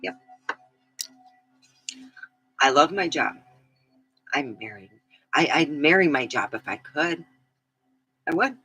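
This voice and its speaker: Slow-talking, bright-voiced middle-aged woman vlogger. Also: low-pitched, expressive, slightly rough, faint music behind, low-quality recording. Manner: rambling, frank, swears freely, laughs at own stories. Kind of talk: casual chat to camera.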